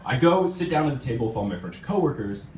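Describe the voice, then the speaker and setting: Animated American man doing stand-up. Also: medium pitch, fast, a little hiss or hum. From United States. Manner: animated, laughs at his own jokes. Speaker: stand-up comedian. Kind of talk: stand-up set. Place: comedy club stage. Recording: roomy venue sound from a distance.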